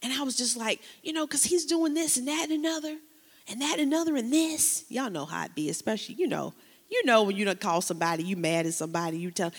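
A woman's voice: medium pitch, moderate pace. Woman preaching in a reverberant hall. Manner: lively preaching, sliding into casual slang and quiet storytelling. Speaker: pastor. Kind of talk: sermon.

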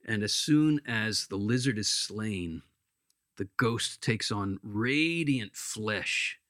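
A man's voice: on the low side, expressive, slow, fairly bright tone, no room sound, studio quality. An earnest man retelling a story in conversation, with hesitant restarts. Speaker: speaker giving spiritual counsel.

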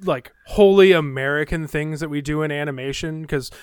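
A man's voice: a little high, moderate pace, darkish tone, smooth, dry recording. A man co-hosting a casual anime podcast who rambles with lots of fillers and sounds amused as he talks. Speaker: podcast co-host. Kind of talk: casual anime discussion chat.

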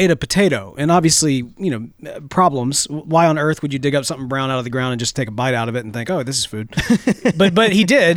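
Fast-talking, higher-voiced man rambling casually. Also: dry recording, studio quality. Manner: rambling and animated, lots of "like" and "you know". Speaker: podcast co-host. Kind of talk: casual chat.

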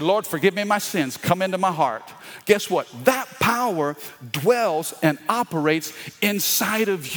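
A man's voice: sits high, a bit bright. A male pastor preaching a sermon with call-and-response and folksy asides. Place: church sanctuary. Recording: long hall reverb.

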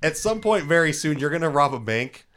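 Teasing man with a lively voice. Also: fairly high pitch, brisk. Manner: teasing, knowing, swears casually. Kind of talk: casual chat.

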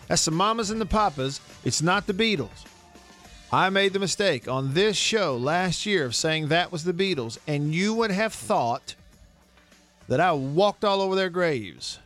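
A man's voice: high voice, animated, unhurried, a bit bright, soft background music. A man hosting a sports talk radio show from a studio, upbeat and chatty, laughing often. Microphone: studio microphone.

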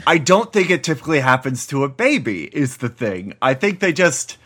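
Male podcast co-host, bright voice, casual filler-heavy movie banter. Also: mid-range voice, very animated, normal speed, breathy edge. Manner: loose, filler-heavy, chuckling.

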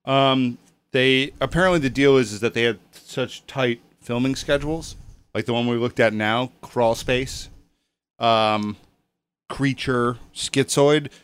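A man's voice: medium pitch, fairly even intonation, unhurried, clear, resonant tone. A man hosting a casual podcast chat, rambling and hesitant with lots of ums. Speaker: podcast host.

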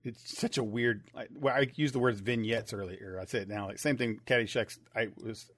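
A man's voice: medium pitch, fairly even intonation, a little fast, fairly bright tone, dry recording. A man chatting casually as a podcast co-host. He stumbles and restarts his words often, circling back to finish a thought. The sound is dry and close to the mic. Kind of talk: casual chat.

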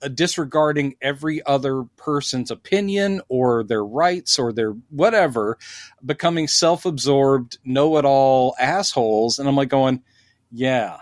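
A man co-hosting a casual podcast about TV and films, talking in an animated way and acting out quotes in funny voices. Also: medium pitch, a little slow, no room sound, studio quality. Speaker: podcast co-host. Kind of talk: casual pop-culture chat.

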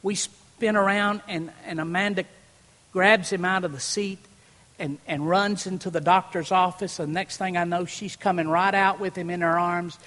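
A pastor preaching a sermon from a church platform, telling a personal story and swinging from hushed moments to loud preaching. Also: male voice, sits high, fairly even intonation, normal speed. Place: church platform before a congregation. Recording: long reverb in a large hall.

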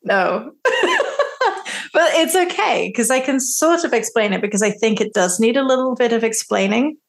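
A woman's voice: fairly high pitch, lively intonation, normal speed, vocal fry. A woman co-hosting a podcast in casual chat, laughing often as she talks. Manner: giggly, laughs often between lines. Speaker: podcast co-host.

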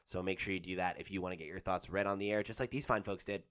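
A man's voice: low voice, fairly even intonation, quick pace, fairly bright tone, clean tone. A man co-hosting a podcast, chatting casually and animatedly with lots of fillers and restarts. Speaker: podcast co-host. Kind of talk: casual chat.

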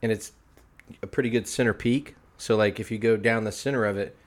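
A man's voice: fairly low pitch, steady tone, a little fast. A man in his thirties hosting a casual podcast chat, blunt and laughing as he tells stories. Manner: blunt storyteller, swears, laughs often. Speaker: podcast host. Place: barbershop.

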